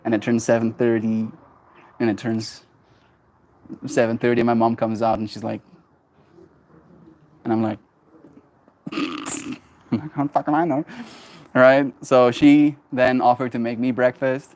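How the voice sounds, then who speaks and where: A man in his twenties, a streamer telling a personal story in a casual livestream, emphatic and quick to laugh. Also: medium pitch. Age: 20s. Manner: animated and emphatic, laughs often, swears.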